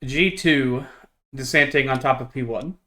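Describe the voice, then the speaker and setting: Bright-voiced man streaming a wargame. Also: medium pitch, measured pace. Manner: hesitant, many fillers, playful. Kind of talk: casual chat while playing a tabletop wargame.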